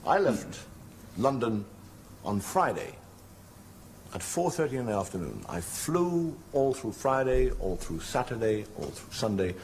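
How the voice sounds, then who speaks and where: A man's voice: medium pitch, very animated, unhurried, a little mellow. An older man doing stand-up, telling rambling, wry anecdotes and putting on quoted voices. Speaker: stand-up comedian. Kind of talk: stand-up storytelling. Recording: noisy stage recording.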